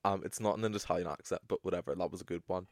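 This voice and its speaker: A young man co-hosting a podcast in casual, sweary, animated chat. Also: low-pitched, very fast, no room sound, studio quality. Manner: chatty, swearing, animated with playful put-on voices. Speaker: podcast co-host.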